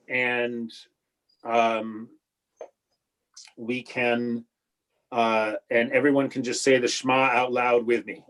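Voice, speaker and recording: A man, a rabbi, teaching a Hebrew prayer class over a video call, talking in a halting way with many restarts and fillers, patient and encouraging. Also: mid-range voice, a bit bright, poor audio. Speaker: rabbi teaching a bar and bat mitzvah class.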